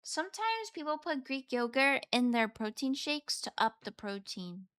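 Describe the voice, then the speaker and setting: A woman's voice: high voice, very animated, normal speed, a bit bright, smooth, no room sound, studio quality. A woman chatting casually on a live stream, reading and answering her chat in a playful, meowing way. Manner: playful, chatty, meows between chat replies.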